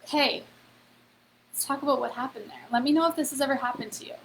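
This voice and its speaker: Hosting a free online event, a woman gives a casual motivational talk on a live stream, speaking high-pitched and rapid-fire. She chats directly to her viewers, leaning heavily on "like" and "okay?", and the rough recording has slight background noise.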